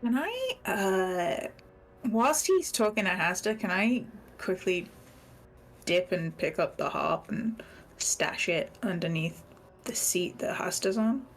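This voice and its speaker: A woman's voice: medium pitch, animated, slow, a little hiss or hum. A woman playing a tabletop game, tossing in playful asides. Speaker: player. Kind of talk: casual tabletop play.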